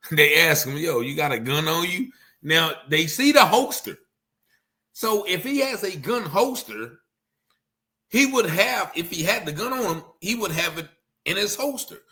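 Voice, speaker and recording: Animated man talking over a video. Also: on the high side. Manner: animated, rambling, acts out quotes. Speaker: commentator. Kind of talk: casual commentary vlog.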